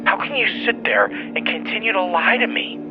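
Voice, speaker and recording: A man's voice: sits high, normal speed, lo-fi sound, over music, pitched above the performer's own voice, natural voice. A man voicing an angry, tearful ex-wife who throws bitter, choked accusations.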